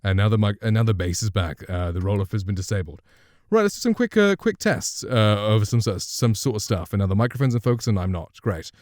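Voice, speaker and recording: Chatty low-voiced man testing a mic. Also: very animated, fast talker, a little mellow, no echo, clean studio sound. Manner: chatty and rambling, self-correcting. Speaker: streamer reviewing a microphone. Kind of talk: casual gear review and demo. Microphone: studio condenser mic up close.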